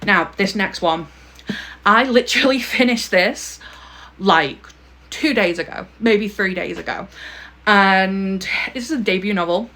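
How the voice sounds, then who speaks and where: A woman's voice: mid-range voice, measured pace, fairly bright tone, slight background noise. Young woman book vlogger, casual to-camera chat, gushing and emphatic, mid-range voice. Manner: gushing, emphatic, ends points with a pointed "okay?".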